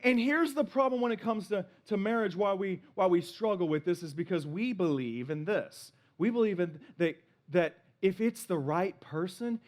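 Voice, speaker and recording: Male preacher, high-pitched, animated, playful, acts out voices. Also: normal speed, hardly any pauses. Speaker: pastor. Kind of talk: sermon.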